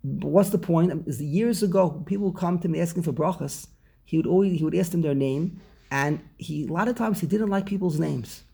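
A man's voice: on the high side, brisk, vocal fry, mellow, breathy edge. A man teaching a religious text study class, rambling and often repeating words and restarting his sentences.

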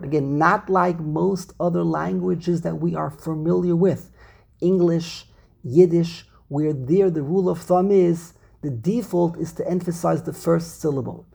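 A man giving a text study lesson as a Torah teacher, restarting phrases and slowing down to stress words. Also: on the high side, gravelly, warm tone, husky.

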